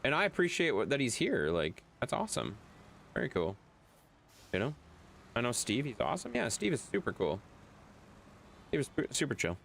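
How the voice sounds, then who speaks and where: Male game streamer, mid pitch, animated delivery, reads chat aloud and laughs a lot. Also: normal speed, creaky, long pauses, a little hiss or hum. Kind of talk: casual live-stream chat.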